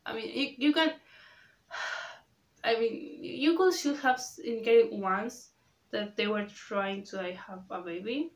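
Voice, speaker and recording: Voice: mid-range voice, slow. Rambling vlogger, roomy sound. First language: Spanish. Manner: rambling, restarts a lot, gets worked up when ranting. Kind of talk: casual opinion chat.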